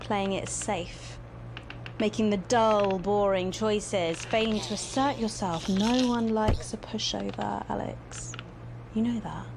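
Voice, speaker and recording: A woman's voice: medium pitch, fairly even intonation, takes it slowly, vocal fry, background noise. An actress playing a sly, mocking female TV host who tempts the player toward bad choices, in a video game. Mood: taunting. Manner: teasing, mocking, purring. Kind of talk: video game live-action acting.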